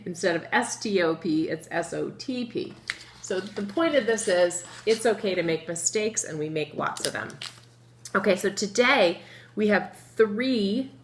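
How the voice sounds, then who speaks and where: A woman teaching young children a phonics lesson, slowly drawing out word sounds and asking the class questions. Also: mid-range voice. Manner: slow, drawn-out sounding of words; lively, encouraging, asks the children questions. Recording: echoey room with faint noise.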